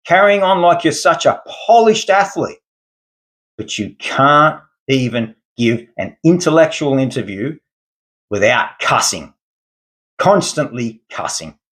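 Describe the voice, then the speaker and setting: A man delivering an angry, lecturing monologue rant as a podcast host. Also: a little high. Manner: indignant, lecturing, formal words.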